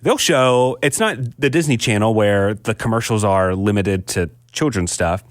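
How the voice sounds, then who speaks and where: A man's voice: fairly low pitch, expressive, no echo. A man co-hosting a casual parenting podcast, chatty and self-deprecating. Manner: chatty, self-deprecating, quick to laugh along. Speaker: podcast co-host.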